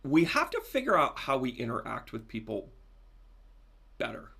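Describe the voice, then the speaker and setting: Brief: male medium hosting a live tarot stream, joking and chatty, bright tone. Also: mid-range voice, moderate pace, vocal fry, breathy edge. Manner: chatty, animated, joking with viewers. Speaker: psychic medium and tarot reader.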